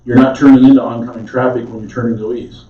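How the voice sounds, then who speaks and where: A man's voice: mid-range voice, level tone, very fast. A man at a city council meeting, questioning a proposal in a skeptical way and stumbling over his words as he thinks. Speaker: council member. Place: council chamber. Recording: far-off mic, echoey chamber, dull sound.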